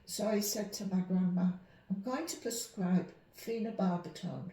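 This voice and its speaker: A woman with a softened Yorkshire English accent tells her stories with animation and slips into the voices of the people in them. Her tone is mellow and dark. The echo of the room carries around her. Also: medium pitch, moderate pace. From Leeds, Yorkshire, England. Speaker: clairvoyant and medium, guest. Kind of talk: conversational storytelling. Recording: roomy echo.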